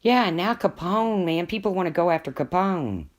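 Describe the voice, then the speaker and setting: A woman's voice: lowish voice, lively intonation, normal speed. A woman hosting a casual live stream from home, gossiping with viewers and talking to her pets in between.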